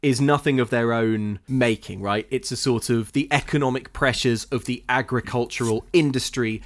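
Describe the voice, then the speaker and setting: A man co-hosting a comedy podcast, chatting animatedly about a film and laughing often. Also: moderate pace. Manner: animated, laughs often, jumps into high-pitched mock voices. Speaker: podcast co-host. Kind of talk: comedic film review chat.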